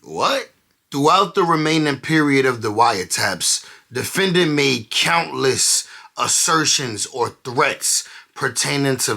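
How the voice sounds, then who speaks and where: A man giving animated, slang-heavy commentary while reading from court documents. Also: mid-range voice. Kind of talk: casual commentary.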